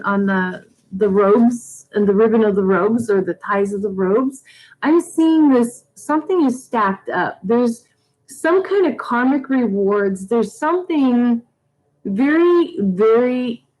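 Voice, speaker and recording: A woman doing a casual weekly angel card reading for her viewers, emotional and rambling, with many halting restarts. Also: fairly high pitch, a little mellow, poor audio. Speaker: tarot reader.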